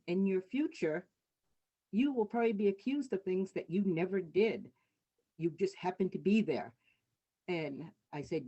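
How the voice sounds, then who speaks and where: Mellow-voiced woman telling her story. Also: lowish voice, muffled recording. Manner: candid, conversational storytelling. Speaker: city councilor. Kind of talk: personal testimony at a community meeting. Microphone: video call.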